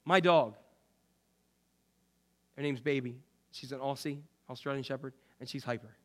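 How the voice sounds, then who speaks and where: A man preaching a sermon as pastor, swinging from loud, emphatic lines to quiet, low asides. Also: normal speed.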